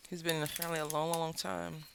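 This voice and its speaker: A Southern-accented woman hosts a craft video from her table and chats her way through the work in a loose, rambling storytelling style. Her voice has a gravelly, fry-edged texture and a bright, forceful tone. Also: sits low, little pitch movement, fast, a little hiss or hum. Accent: Southern American. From Southern United States. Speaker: craft channel host. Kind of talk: casual chat while crafting.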